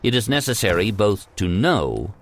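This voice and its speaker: A man reading an old self-help text aloud in a measured, emphatic narration. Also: fairly low pitch, very animated.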